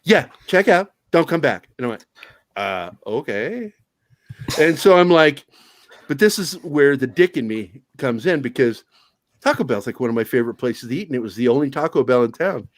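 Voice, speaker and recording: A man's voice: mid-range voice, lively intonation, brisk, no room sound. A man guesting on a podcast, telling stories in a casual, profane, self-mocking way. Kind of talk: casual storytelling chat.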